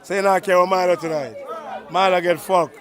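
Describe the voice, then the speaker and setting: A Jamaican man in rowdy street banter, loud and teasing, swearing freely in patois at an outdoor dance. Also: sits high, fairly even intonation, fairly quick. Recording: loud crowd noise around.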